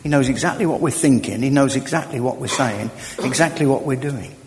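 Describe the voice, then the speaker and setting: A man preaching a conversational sermon, acting out dialogue and swinging from hushed asides to loud emphasis. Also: mid-range voice, fairly quick, a little hiss or hum. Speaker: guest preacher. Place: church. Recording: church hall with long reverb.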